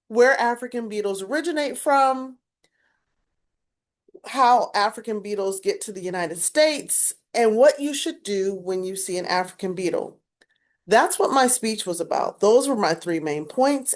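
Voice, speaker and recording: Woman, speech teacher, instructive lecture, emphatic, shifts her inflection to demonstrate. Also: medium pitch. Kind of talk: recorded class lecture.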